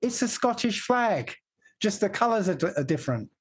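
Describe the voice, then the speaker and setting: Male guest from England, higher pitch, explains things at length in a casual chat. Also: sing-song, normal speed, slightly rough. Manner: explaining at length, laughing now and then. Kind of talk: casual conversation.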